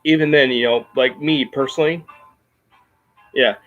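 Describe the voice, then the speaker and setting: A man with a Midwestern American accent, explaining things in a casual chat, halting with many ums and restarts. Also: mid-range voice, steady tone, narrow, tinny audio, soft background music. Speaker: podcast host.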